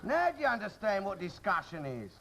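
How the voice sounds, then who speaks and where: An actor playing a bossy, cantankerous middle-aged working-class husband, grumbling and hectoring in a 1960s TV sitcom. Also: male voice, high-pitched, big pitch swings, a little fast, creaky, crowd noise, noisy background, full character voice. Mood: lecturing. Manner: grumbling, hectoring, bursts into shouting. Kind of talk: 1960s television sitcom acting.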